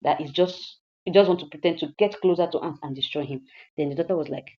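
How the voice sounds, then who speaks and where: A woman's voice: low voice, quick pace, mellow, muffled recording. A woman with a Nigerian accent casually retelling a film's plot, repeating herself and asking the listener rhetorical questions. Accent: Nigerian English. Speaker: movie reviewer.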